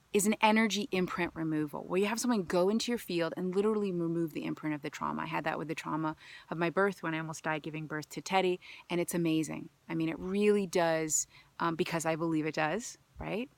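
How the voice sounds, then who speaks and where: A woman speaks straight to her viewers in a relaxed self-help monologue. Her voice sits low and has a gravelly fry. She tells her story with big swings, from hushed asides to loud, emphatic lines. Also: dry recording. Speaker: healer and vlog host.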